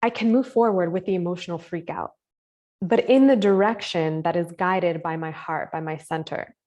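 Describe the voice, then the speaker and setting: A woman teaching a live online spiritual masterclass over a video call. She talks in a gentle, casual way with many filler words. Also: fairly low pitch, normal speed, muffled recording.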